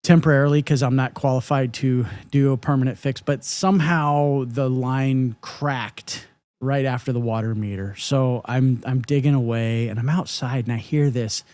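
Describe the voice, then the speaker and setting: A man's voice: medium pitch, fairly even intonation, normal speed, darkish tone, dry recording. A man co-hosting a podcast, telling a story with lots of laughs and mimicked sounds. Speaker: podcast co-host. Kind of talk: casual storytelling chat.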